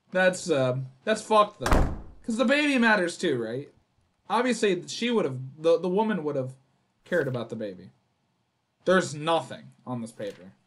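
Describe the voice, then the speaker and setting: A young man playing a horror game for his channel, reading the notes aloud, swearing and yelling when startled. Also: fairly high pitch. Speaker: gaming YouTuber. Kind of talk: horror game let's play commentary.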